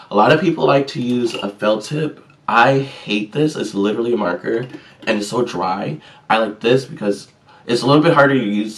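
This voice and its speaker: A man's voice: fairly low pitch, creaky, recorded from a distance. A man chatting casually and sassily through a makeup tutorial, joking at his own mistakes. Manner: chatty, sassy and self-deprecating. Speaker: vlogger.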